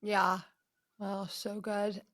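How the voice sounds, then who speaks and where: A woman's voice: mid-range voice, flat delivery, drawn-out words, a bit bright, no echo, poor audio. A woman hosting a podcast interview, effusive and enthusiastic, gushing praise for her guest. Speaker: podcast host.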